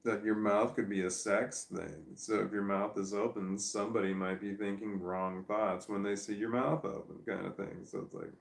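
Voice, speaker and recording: A man's voice: on the low side, fairly even intonation, moderate pace, vocal fry, few pauses, reverberant. A tired man in a casual vlog, rambling and arguing with himself at home. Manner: talks to himself, argues with himself, laughs and sighs. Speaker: vlogger. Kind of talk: rambling self-talk vlog. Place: at home on a couch with his dog.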